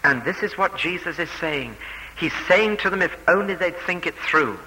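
A man's voice: high voice, animated, normal speed, sharp tone, in a large hall, low-quality recording. A man preaching a sermon, explaining a passage step by step with emphatic repetition and quoted speech.

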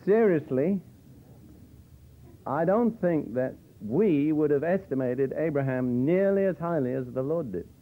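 A man's voice: a little high, lively intonation, a little slow. A man teaching from the Bible in a conversational sermon style with dry humor, explaining verses as he goes. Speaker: preacher. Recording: tinny phone-like old tape.

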